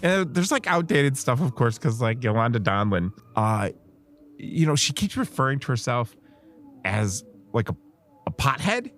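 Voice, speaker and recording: On a film podcast, this male co-host speaks in a medium-pitched, slightly bright voice that's very animated, at a moderate pace. He reviews films casually, rambling, hesitating, and often backtracking to correct himself.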